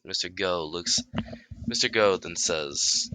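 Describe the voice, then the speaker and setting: A man narrating an improvised fan-fiction story, halting and restarting often as he makes it up. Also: deep voice, sharp tone, no room sound. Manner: halting, many restarts, making it up as he goes.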